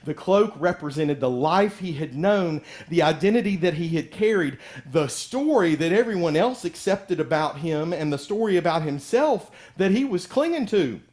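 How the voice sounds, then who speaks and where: A man's voice: on the high side, expressive, normal speed, hardly any pauses, a little mellow. Man, pastor, middle-aged, conversational sermon, acts out story voices. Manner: conversational preaching, acting out voices of people in the story.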